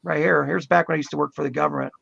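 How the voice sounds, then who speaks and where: A man from Pennsylvania talks in a casual online chat, joking and blunt, with a voice much higher than most men's. His voice has a gravelly fry to it. The audio comes through muffled and lo-fi. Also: fairly even intonation, very fast, over a noisy crowd. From Pennsylvania, USA. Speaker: guest.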